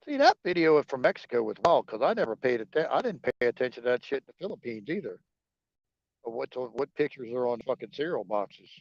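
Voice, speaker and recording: A man's voice: mid-range voice, very animated, a little fast, creaky, dry recording. A man co-hosting a livestream, chatting casually, joking, swearing and laughing often. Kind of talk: casual political chat. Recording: dull lo-fi stream audio.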